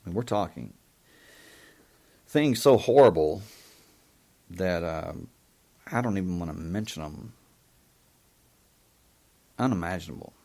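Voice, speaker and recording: A man hosting a live show monologue, halting and full of ums and restarts, with an indignant, emphatic way of talking. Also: low voice, expressive, darkish tone. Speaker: host.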